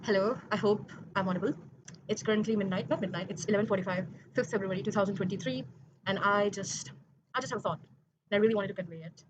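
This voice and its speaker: A woman's voice: mid-range voice, fast talker, lo-fi sound, background noise. A young woman in a late-night confessional vlog monologue, rambling, correcting herself and earnest. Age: young adult. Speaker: vlogger.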